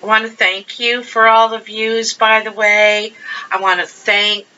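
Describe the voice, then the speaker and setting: A woman's voice: medium pitch, level tone, a little slow, pushed and bright, a little hiss or hum. A woman giving a casual monthly tarot reading, chatty and rambling as she thinks aloud over the cards. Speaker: tarot card reader. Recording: dull lo-fi sound.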